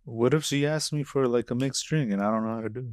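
A man's voice: mid-range voice, fast, darkish tone, no room sound, studio quality. A man on a podcast, talking hesitantly and nervously in casual chat. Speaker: podcast co-host. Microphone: studio podcast mic.

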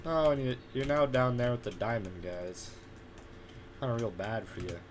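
A young man in casual gaming banter with a friend, loud and excitable, breaking into shouts and laughs. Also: medium pitch, normal speed, slight background noise. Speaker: gamer on voice chat.

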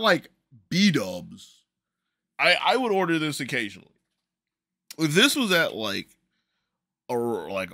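Casual male podcast host, bright tone, close dry mic, rambling and relaxed. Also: a little high, no echo. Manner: relaxed, rambling, laughs easily. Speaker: podcast host reviewing sodas. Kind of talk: casual solo review chat. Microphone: desk microphone.

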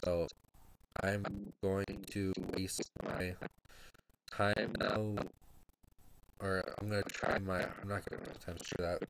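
A teenage boy YouTuber giving a tearful farewell vlog from home, halting and hesitant, trailing off and restarting as he fights back tears. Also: low voice, flat delivery. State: tearful, on the verge of crying. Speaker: gaming YouTuber. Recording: noisy home recording with clicks.

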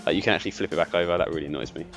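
A young man giving casual gameplay commentary, excitable and bossy when he directs his friend, and laughing often. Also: deep voice, rapid-fire, soft background music. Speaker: gaming channel host.

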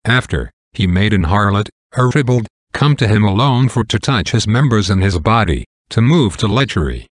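A man with a fairly low voice reads old saints' legends aloud in slow, measured prose. The sound is close and dry, with no room around it. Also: animated, dry recording. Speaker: reader of saints' lives. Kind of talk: slow reading of an old text.

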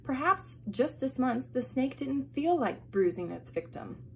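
A woman's voice: sits high, very animated, unhurried, darkish tone, slight background noise, pitched above the performer's own voice, full character voice. A dismissive doctor from a storybook, read by a woman. He brushes off every doubt.

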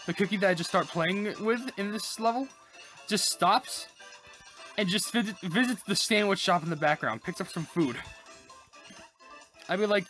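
A woman hosting a casual let's-play, chatty and excitable as she gushes over cute details. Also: medium pitch, brisk, soft background music. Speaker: gaming channel host.

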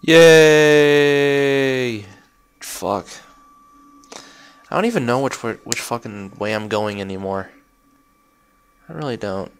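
Creaky-voiced man swearing through a game. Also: on the low side, lively intonation, measured pace, pauses often. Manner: swearing, frustrated outbursts and sarcastic asides. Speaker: gameplay commentator. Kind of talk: let's play commentary.

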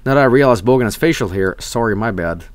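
A man's voice: medium pitch, expressive, fast, no echo. A young man streaming, chatting casually and reading viewer messages, rambling and swearing, often breaking into laughs.

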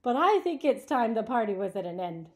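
A woman's voice: on the high side, very animated, brisk, darkish tone. A woman voicing a bold, proud farmer in a storybook. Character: bold Irish farmer, grown man.

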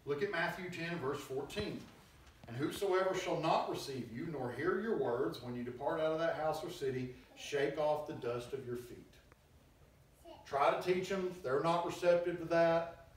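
In a church hall, a male preacher gives an emphatic yet conversational sermon at a moderate pace, his voice a little high. He acts out the voices of people he quotes. The distant mic catches heavy hall echo and faint noise.

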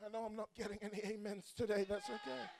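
A man preaching an energetic sermon to a crowd, often shouting. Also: sits high, fast talker, a little hiss or hum. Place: church or event hall.

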